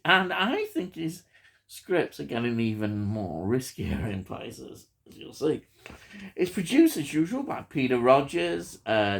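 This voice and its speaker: A man's voice: medium pitch, creaky. A man chatting casually about a film, enthusiastic and rambling, often chuckling. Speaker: film reviewer. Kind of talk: casual film review chat.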